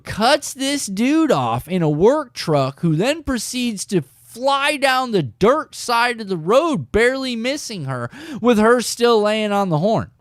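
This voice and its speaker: A man's voice: very high voice, no echo, studio quality. A man hosting a fishing channel tells his viewers a story in a casual, emphatic way. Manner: animated and emphatic, keeps saying "dude".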